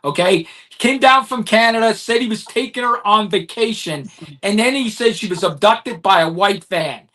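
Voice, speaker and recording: A man's voice: sits high, normal speed, sharp tone. A man co-hosting a podcast, talking emphatically and getting heated in casual chat. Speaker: podcast co-host.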